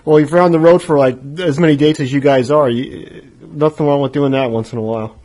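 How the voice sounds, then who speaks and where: A man's voice: a little high, fairly even intonation, fairly quick, darkish tone. A man co-hosting a casual radio interview, easygoing with brief replies. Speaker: radio show co-host.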